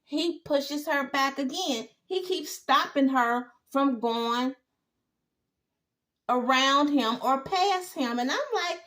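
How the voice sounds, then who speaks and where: Animated woman recapping a TV show. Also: high-pitched, slow pace. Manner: animated, exclaiming, laughing asides. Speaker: TV recap host. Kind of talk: casual TV recap.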